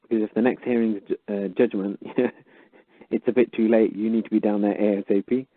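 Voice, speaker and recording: A man's voice: lowish voice, brisk, no echo. A man chatting casually on a call-in show, telling stories and acting out exchanges with officials. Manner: animated, acts out quoted exchanges in a raised voice. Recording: tinny phone line.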